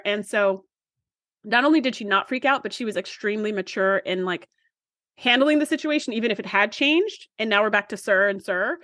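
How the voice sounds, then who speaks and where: A woman co-hosting a podcast, recapping scenes in casual chat, animated and quick to laugh. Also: medium pitch, dry recording, clean studio sound. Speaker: podcast co-host.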